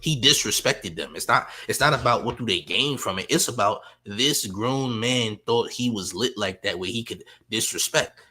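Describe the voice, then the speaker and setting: Male streamer, lowish bright voice, teasing and mocking commentary over faint music. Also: lively intonation, moderate pace, few pauses. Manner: teasing, trash-talking chat. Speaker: livestream host. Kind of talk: casual livestream commentary.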